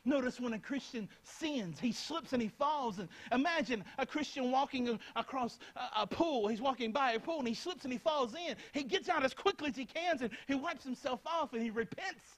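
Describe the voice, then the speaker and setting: A man's voice: very high-pitched, expressive, normal speed, hardly any pauses, a bit bright, rough recording. A young man preaching a Bible lesson, speaking earnestly and repeating phrases as he addresses his listeners directly. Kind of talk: Bible teaching talk.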